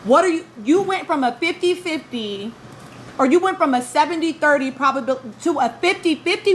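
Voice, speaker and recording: A woman hosting a live reality TV stream, chatting casually and greeting viewers by name, animated, exasperated and cursing freely. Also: high voice, fairly quick, a little hiss or hum, rough recording. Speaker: livestream podcast host.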